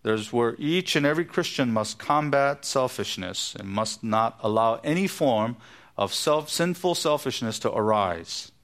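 A male pastor delivers a verse-by-verse sermon in a church. He is emphatic and teacherly, slowing down to stress key words and explain the grammar of the text. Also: medium pitch, lively intonation, a bit bright. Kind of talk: expository sermon.

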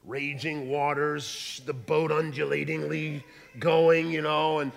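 A man preaching a sermon, animated and acting out voices from the scripture he reads. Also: fairly high pitch, measured pace, gravelly. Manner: animated, acts out voices in quotes. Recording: long hall reverb.

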